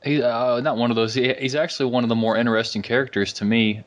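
A man hosting a podcast interview, sharing his view in a thoughtful, slightly halting way. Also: medium pitch, fairly even intonation. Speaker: podcast host. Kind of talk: casual interview chat.

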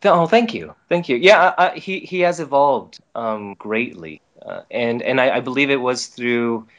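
Animated man telling stories. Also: mid-range voice, moderate pace. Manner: lively storyteller, acts out quotes. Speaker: voice actor guest. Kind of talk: casual chat. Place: based in Los Angeles.

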